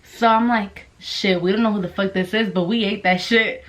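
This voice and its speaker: A young woman telling a story casually to the camera, swearing constantly and acting out voices with animated energy. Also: medium pitch, a little fast, hardly any pauses. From Mexican-American. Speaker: vlogger.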